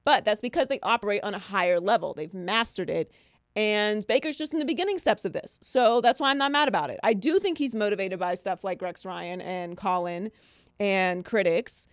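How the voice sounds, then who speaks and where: A woman's voice: mid-range voice, moderate pace, dry recording, studio quality. A woman co-hosting a sports podcast, talking in a casual, opinionated and sarcastic way. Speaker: podcast co-host.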